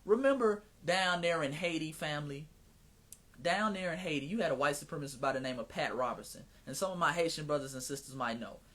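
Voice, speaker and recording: Male live-stream host, slightly high pitch, animated preacher-like cadence, mocking asides. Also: brisk. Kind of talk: casual live-stream commentary.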